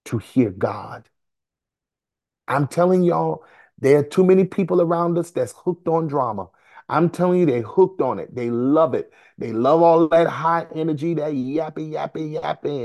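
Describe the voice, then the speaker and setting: A man preaching a fervent sermon to listeners on a conference call, repeating phrases and breaking into sudden shouts. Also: medium pitch, dry recording, studio quality.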